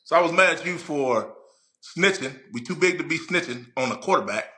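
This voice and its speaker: A man in his forties, a podcast guest and former player and coach, telling stories in a loud, profane, emphatic way. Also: fairly high pitch, fairly quick. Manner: animated, profane, emphatic storyteller. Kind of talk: casual podcast chat.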